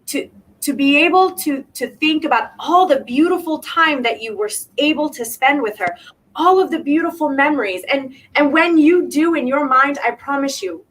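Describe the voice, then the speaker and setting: Psychic lady doing a reading, high voice, keeps repeating herself, pleading and reassuring. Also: moderate pace, a bit bright, poor audio. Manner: emphatic, repetitive, reassuring. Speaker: psychic medium. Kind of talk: live spiritual reading over video.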